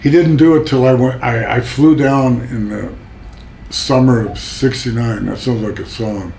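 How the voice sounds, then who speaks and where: A hoarse older man telling stories about his career in a casual interview, rambling and correcting himself. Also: mid-range voice, steady tone, a little slow, warm tone, a little hiss or hum, rough recording. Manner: rambling storyteller, self-correcting. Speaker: interview guest.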